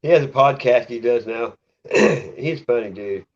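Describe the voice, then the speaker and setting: A man talking casually at a medium pitch with a lively, varied delivery. He sounds laid-back and chuckles often. The sound is dull and lo-fi. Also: a little slow. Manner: laid-back, laughs easily. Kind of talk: casual chat. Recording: dull lo-fi recording.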